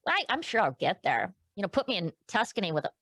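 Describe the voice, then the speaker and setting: A woman's voice: mid-range voice, sing-song, fast talker, a bit bright, breathy edge, no echo. A middle-aged woman guest speaking candidly and emotionally in a casual interview, with many restarts and fillers. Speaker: podcast guest.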